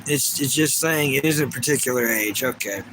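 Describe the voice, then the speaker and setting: Against a noisy background, a man in his 30s livestreams at a brisk clip in a medium-pitched voice. He reads out viewer comments casually, rambling and restarting often.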